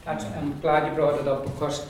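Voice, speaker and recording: Irish man leading a language class, repeats each word for students, slightly high voice, echoey room, mic far away. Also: steady tone, slight background noise. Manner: repeats words slowly for learners to copy. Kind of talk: classroom lesson. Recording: echoey room, recorded from a distance.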